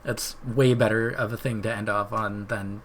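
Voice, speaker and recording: A man's voice: fairly low pitch, level tone, moderate pace, fairly bright tone, a little hiss or hum. A man hosting a live stream, chatting casually and rambling with frequent laughs. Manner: laid-back, rambling, laughs often. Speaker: streamer host.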